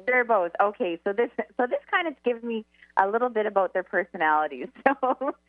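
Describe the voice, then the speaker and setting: A woman's voice: medium pitch, lively intonation, a little fast, no room sound. A woman working as a psychic medium co-host, doing a call-in radio reading in a bubbly way with frequent laughter. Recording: tinny phone line.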